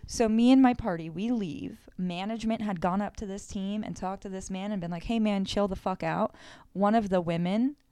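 A young woman co-hosting a podcast, telling a story in a casual, animated way, with lots of swearing. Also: medium pitch, a little fast, few pauses, clear, resonant tone, no echo, clean studio sound. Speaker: podcast co-host.

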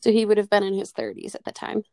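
Animated, foul-mouthed woman co-host. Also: mid-range voice, fast, no room sound, clean studio sound. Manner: animated, swears freely, acts out scenes. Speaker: podcast co-host. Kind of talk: casual chat.

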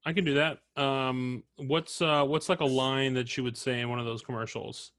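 Man, podcast guest, casual comedic chat, playful, rambling, bright forceful tone. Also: medium pitch, fairly even intonation. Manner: playful, rambling, quick to laugh.

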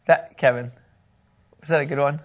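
A man with a high voice teaches a Bible lesson in a room. He is animated and joking, acts out little scenes and talks with the people there. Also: normal speed.

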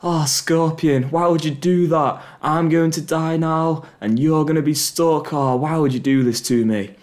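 A man's voice: fairly high pitch, steady tone, a little slow, a little mellow, voice pushed up, close to an everyday voice. A man voicing a frightened, distrustful male frog in a spoken fable. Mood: anguished. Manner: pleading, distrustful.

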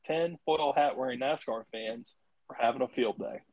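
A young man with a medium-pitched voice talks bluntly and swears freely in relaxed podcast banter. He is recorded close and dry, with no room sound. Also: normal speed, dry recording, phone-quality sound. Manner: profane, blunt and excitable. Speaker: podcast co-host. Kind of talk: casual podcast chat.

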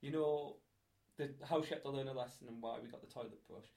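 A man's voice: mid-range voice, fast, vocal fry, darkish tone. A man telling crude, laughing anecdotes in a casual chat.

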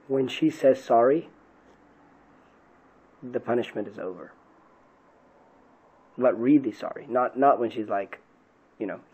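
A man's voice: medium pitch, warm tone, breathy edge, low-quality recording. A man, a pastor, giving an earnest podcast talk on parenting and faith, often asking rhetorical questions.

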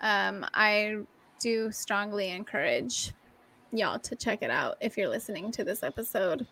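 A woman's voice: mid-range voice, measured pace, bright, forceful tone. A young adult woman co-hosting a podcast, telling stories in a casual, profane, emphatic way. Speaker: podcast co-host. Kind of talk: casual chat.

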